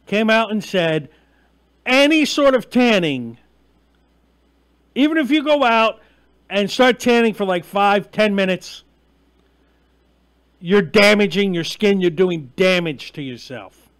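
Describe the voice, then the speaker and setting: High-voiced ranting New man. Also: expressive, slow pace, long pauses, smooth. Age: 40s. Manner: ranting, profane, mocking and emphatic; gets loud and heated, then drops back to chatting with viewers. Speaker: host of a live online show. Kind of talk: ranting live-stream monologue.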